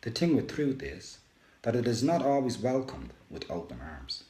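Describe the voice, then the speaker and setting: A man giving a dramatic reading of a first-person poem, emotive, with big rises and hushed drops. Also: mid-range voice, sing-song, normal speed, echoey room. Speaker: radio show host.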